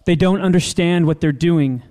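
A man's voice: on the high side, normal speed, mellow, pitched above the performer's own voice, close to an everyday voice. A man voicing Jesus on the cross during a dramatic scripture reading, pleading with a raised voice.

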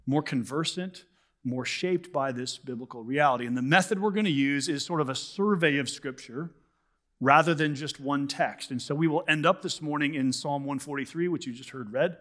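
A man preaches to his congregation with a bright, forward voice that sits a little high. His delivery is relaxed and conversational, leaning on "like" and "sort of" as he explains. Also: moderate pace. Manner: conversational, animated, many "like" and "sort of". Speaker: pastor. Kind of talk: sermon. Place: church sanctuary.

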